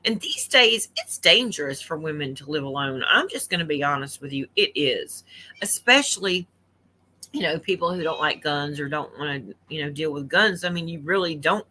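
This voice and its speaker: Blunt woman ranting on a late night home livestream, bright sharp voice, keeps repeating her point. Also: sits low, animated, normal speed, a little hiss or hum. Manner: indignant, blunt, repeats herself for emphasis. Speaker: livestream commentator. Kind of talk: opinionated commentary rant.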